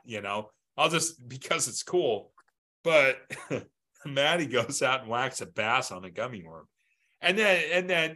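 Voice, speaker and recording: Podcast guy cohosting, bright punchy voice, swears a lot, laughs a lot, trips over his words. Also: medium pitch. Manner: loose and profane, laughs often, stammers on restarts. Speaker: podcast co-host. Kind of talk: casual chat.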